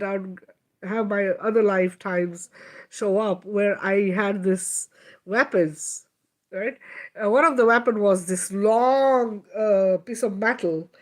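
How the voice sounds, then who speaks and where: Emphatic woman teaching spiritual healing. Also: medium pitch. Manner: casual and emphatic, swears, laughs, often asks "right?".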